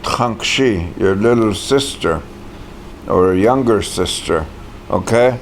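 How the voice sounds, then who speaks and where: A man's voice: on the low side, takes it slowly, creaky, a little hiss or hum. A man teaching a language class, patiently saying words aloud for the students to repeat.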